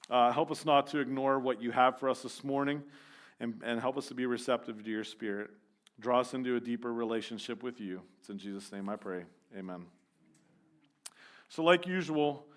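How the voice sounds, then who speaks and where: A man's voice: medium pitch, fairly bright tone. A man preaching a sermon as youth leader in a church, casual and joking, with lots of ums and restarts.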